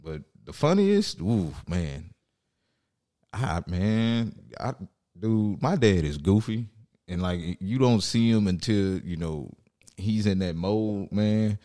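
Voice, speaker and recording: A man's voice: fairly low pitch, takes it slowly. A young adult man in casual chat, telling stories and acting out what people said. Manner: animated storyteller, acts out quotes.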